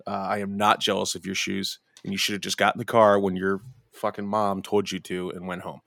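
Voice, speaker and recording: A man hosting a podcast, telling a story in casual chat, profane and animated, jumping into high voices to mimic people. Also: a little fast, creaky, dry recording, clean studio sound. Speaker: podcast host.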